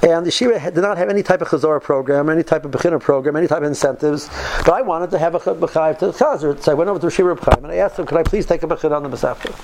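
A man's voice: fairly high pitch, rapid-fire, few pauses, a little mellow, a little hiss or hum, poor audio. A man in his fifties telling stories in a casual talk, earnest and driving his points home by repeating phrases. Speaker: speaker recounting yeshiva study.

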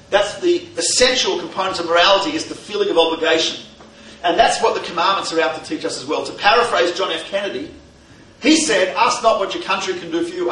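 A man with a high, bright voice gives a lively teaching talk with a story, joking and asking his listeners questions. He is picked up from some distance away in an echoey hall. A faint background hum sits under his voice. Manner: humorous, conversational, asks the audience questions. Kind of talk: lecture with storytelling.

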